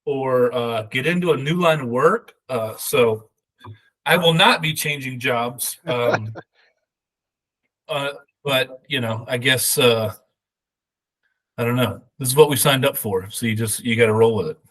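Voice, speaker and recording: A man co-hosting a podcast who talks in an excitable, impulsive, blunt way. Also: medium pitch, a little slow, pauses often, rough recording. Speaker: podcast co-host. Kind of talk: casual chat.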